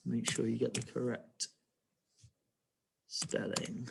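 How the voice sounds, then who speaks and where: A man's voice: mid-range voice, expressive, measured pace, gravelly, pauses often, a bit bright, a little hiss or hum. A male primary school teacher giving an online writing lesson, patiently walking pupils through each step and checking they follow.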